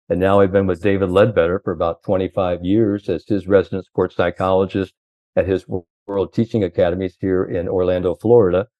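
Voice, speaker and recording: A man's voice: low-pitched, dry recording, lo-fi sound. An older man, a sports psychologist, telling long rambling anecdotes full of "you know".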